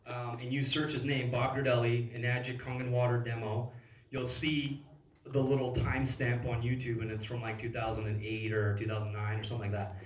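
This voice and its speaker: A man's voice: mid-range voice, slight background noise. A man in his thirties giving a motivational talk on stage at a business event, telling stories casually with lots of fillers and swearing. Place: event hall. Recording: echoey hall recorded from far off.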